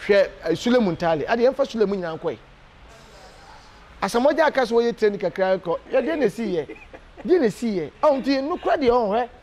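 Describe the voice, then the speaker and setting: A Ghanaian man giving an animated, emphatic casual interview, full of hesitation fillers. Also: high voice, quick pace, slight background noise. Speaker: interview guest.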